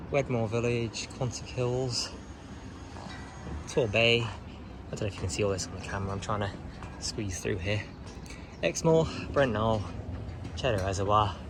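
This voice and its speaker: Background noise is heavy as a medium-pitched vlogger talks casually to his camera during a hill walk outdoors with traffic close by. He narrates his walk and mutters asides to himself.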